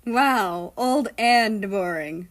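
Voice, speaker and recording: A woman's voice: fairly high pitch, big pitch swings, a little slow. A woman voicing a drunk young man who talks in a playful, teasing way.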